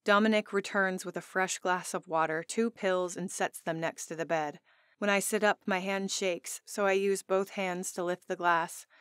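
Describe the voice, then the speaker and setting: A woman's voice: on the low side, steady tone, normal speed, a bit bright, smooth, dry recording. A woman narrating a first-person romance audiobook in an intimate, earnest storytelling manner, on a close studio mic.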